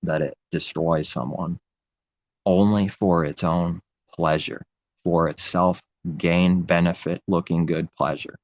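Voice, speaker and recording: A man's voice: low voice, steady tone, slow, lo-fi sound. A man preaching in an impassioned, rambling religious monologue, repeating his phrases.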